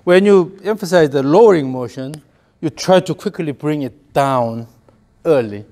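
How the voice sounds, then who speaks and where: A man's voice: on the high side, animated, normal speed, darkish tone. A man giving a hands-on golf lesson, explaining the swing and calling out short repeated cues in rhythm. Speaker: golf coach.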